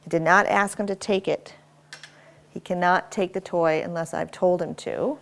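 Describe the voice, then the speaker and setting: A woman dog trainer demonstrating at home, giving short firm commands and quick praise while explaining each step. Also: on the low side, steady tone. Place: home, indoors.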